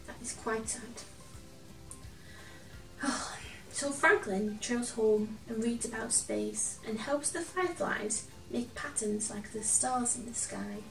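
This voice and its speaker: A woman reads a children's picture book aloud in a gentle, expressive storytelling voice, pausing to chat with a toy friend. Her voice sounds set back from the mic in a roomy, echoey space. Soft music plays faintly beneath her. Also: a little high, vocal fry, distant mic.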